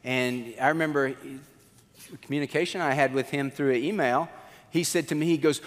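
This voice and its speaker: A man pastor preaching a sermon, telling the story in an animated way and acting out the quotes. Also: brisk, in a large hall. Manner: animated storytelling, acts out quotes with swings in pitch.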